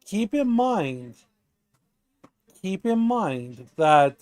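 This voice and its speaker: Jokey high-voiced man hosting a stream. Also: big pitch swings, extremely slow, a little mellow. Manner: jokey, pleading, self-deprecating. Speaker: stream host. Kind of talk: casual livestream chat.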